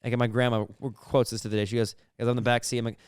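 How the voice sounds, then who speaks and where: Animated rambling man, smooth voice. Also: medium pitch, racing, no echo, studio quality. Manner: rambling, animated, acts out quotes. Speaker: podcast co-host. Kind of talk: casual comedy chat.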